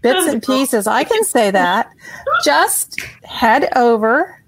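Woman cohost on a video call, slow easy talker, laughs at herself, dry close sound. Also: fairly high pitch, very animated, dry recording. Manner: laughing, self-mocking. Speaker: co-host. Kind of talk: casual chat.

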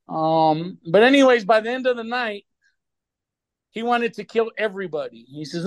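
A man's voice: high-pitched, moderate pace, no echo. A man in casual chat, telling loose stories with plenty of swearing and slang.

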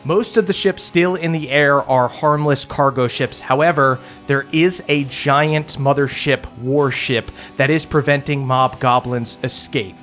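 A man's voice: mid-range voice, steady tone, measured pace, few pauses, fairly bright tone, soft background music. A man narrating a tabletop game as game master, descriptive and using many filler words.

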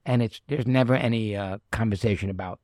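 A man's voice: lowish voice, a little fast, darkish tone, no room sound, clean studio sound. A middle-aged actor telling anecdotes in a casual chat, acting out the people he quotes. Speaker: actor guest.

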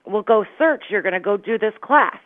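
A woman's voice: medium pitch, animated, moderate pace, no room sound, voice pushed up, lightly acted. A woman voicing a stern, commanding male archangel who gives blunt, bossy orders, heard in a dull lo-fi radio recording.

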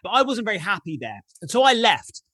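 A man's voice: high voice, sing-song, fairly quick, sharp tone, slightly rough, no room sound, clean studio sound. A man in his thirties with an English accent, telling his founder story in a self-mocking, punchy way. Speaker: startup founder, guest. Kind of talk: casual storytelling interview.

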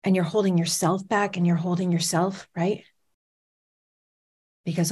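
A woman's voice: on the low side, fairly even intonation, unhurried, long pauses, a little mellow, slightly rough. Dramatic woman motivational speaker. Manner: dramatic storytelling, audience questions. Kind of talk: personal story on stage.

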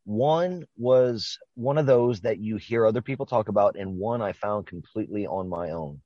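A man's voice: fairly low pitch, normal speed, no room sound. Casting note: male podcast co-host, mid voice, teasing and swearing, dry dull lo-fi mic. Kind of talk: casual horror podcast chat.

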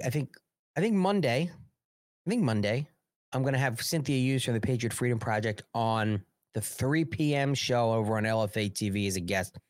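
A lowish-voiced American man, recorded dry, hosts a live stream of casual commentary. He reads the news out loud and keeps stopping to chat, thank viewers, ramble and swear.

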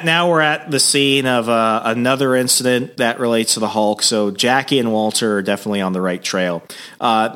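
Animated male podcast co-host. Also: mid-range voice. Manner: animated storyteller, slips into voices. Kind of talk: casual chat, recapping a comic.

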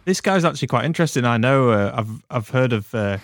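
A young man co-hosting a casual football podcast, with an easygoing manner and a deadpan sense of humour. His voice sits at a middle pitch. The close mic gives a dry sound. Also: fast, no echo. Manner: easygoing, dry jokes, reads out stats. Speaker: podcast co-host. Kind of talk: casual chat.

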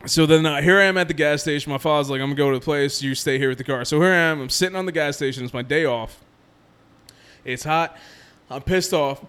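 Young man, smooth clear voice, slightly high, casual animated storyteller. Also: fast talker. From New Jersey. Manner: animated storyteller, acts out quotes, laughs often.

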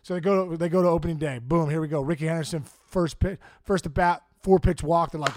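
A middle-aged man, a former ballplayer, telling an anecdote in rapid-fire style and acting out the characters. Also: on the high side, a little mellow, dry recording, studio quality. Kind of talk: animated anecdote storytelling.

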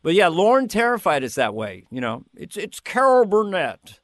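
A guest comedian in a casual interview tells lively anecdotes and slips into quick character voices. His voice is high-pitched, and the recording is dry and studio quality.

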